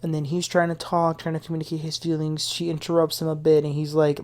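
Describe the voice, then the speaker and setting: A woman's voice: low-pitched, level tone, fast, darkish tone. A woman hosting a casual reality TV recap, retelling scenes in a chatty way with her own opinions and asides. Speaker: TV recap host.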